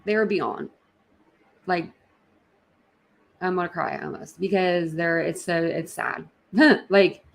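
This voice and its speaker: Rambling woman with a gravelly edge. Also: medium pitch. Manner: rambling, filler-heavy, quick to laugh. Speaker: livestream host. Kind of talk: casual livestream chat.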